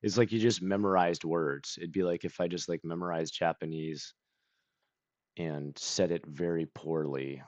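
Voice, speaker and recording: Deep-voiced rambling streamer man. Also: steady tone, moderate pace, no echo. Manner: rambling, full of "like" and self-corrections. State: coughing, clearing throat. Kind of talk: casual stream chat.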